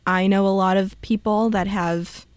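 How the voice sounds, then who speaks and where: A woman's voice: mid-range voice, steady tone, a little slow, no echo. Young woman co-hosting college radio. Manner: warm, reflective, laughing. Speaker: radio co-host. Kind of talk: casual college radio chat.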